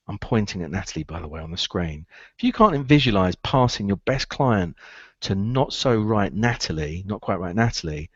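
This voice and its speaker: A man delivering a coaching lesson, his pitch swinging widely as he stresses and repeats his points. The sound is dry and a little dull, close to the mic with no room around it. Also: very animated, normal speed, breathy edge, no echo. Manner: emphatic, repeats key phrases for emphasis. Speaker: recruitment business coach. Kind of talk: presented training talk.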